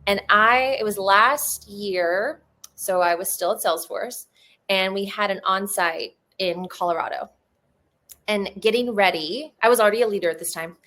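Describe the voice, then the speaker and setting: A woman guest in a casual interview, talking in an earnest, emotional way and telling personal stories in a fast flow with many fillers. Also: medium pitch, sharp tone.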